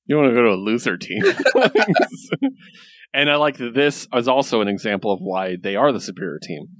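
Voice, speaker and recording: A man's voice: mid-range voice, animated, normal speed, fairly bright tone, dry recording, studio quality. A man co-hosting a comic review podcast, chatting casually and enthusiastically, laughing often and acting out characters' lines. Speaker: podcast co-host.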